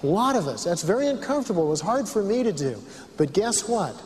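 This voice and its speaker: A man with a fairly high voice tells a personal story in sermon style, speaking earnestly and turning to the audience with questions. His words ring out with a long reverb, like a talk recorded live in a large hall. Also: very animated, fast talker, darkish tone, a little hiss or hum. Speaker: speaker on family and counseling.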